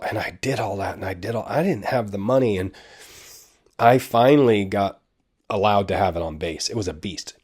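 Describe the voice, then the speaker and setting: A man's voice: lowish voice, normal speed, darkish tone, breathy edge. A man in his fifties, hosting a show, tells a rambling, self-deprecating story in a casual way, full of asides. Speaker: podcast host.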